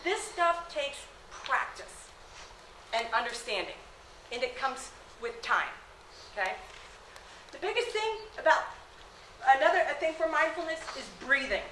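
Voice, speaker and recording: A woman working as a high school athletic trainer, talking casually to students, often asking "okay?" and laughing. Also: very animated, measured pace, pauses often, pushed and bright, slight background noise. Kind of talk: classroom talk to students. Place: school room. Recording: echoey room.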